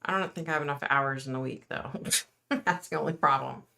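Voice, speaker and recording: A woman's voice: extremely low pitch, fairly quick, vocal fry, sharp tone. A middle-aged woman hosting a casual livestream, chatting earnestly and reading out and answering viewer comments. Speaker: livestream host.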